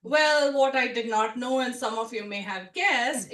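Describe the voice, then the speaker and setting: A woman telling a personal story at a live story swap, chatty and animated, full of "like" and "you know". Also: on the high side, a little slow. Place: storytelling event room with a live audience. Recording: roomy sound from a distant mic.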